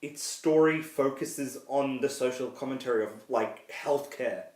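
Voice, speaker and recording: A man co-hosting a casual movie review podcast, chatty and quick to laugh. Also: mid-range voice, a little mellow. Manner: chatty, many restarts and laughs. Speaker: podcast co-host. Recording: echoey room.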